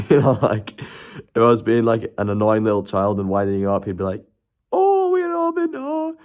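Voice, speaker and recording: A man's voice: fairly low pitch, little pitch movement, normal speed, a little mellow. A man chatting casually and rambling on a live stream, laughing and swearing as he goes.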